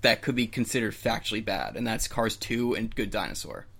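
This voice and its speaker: A man's voice: fairly low pitch, big pitch swings, brisk, vocal fry, fairly bright tone, slightly rough. A young man co-hosting a podcast in casual chat, eager and rambling with lots of fillers. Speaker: podcast co-host.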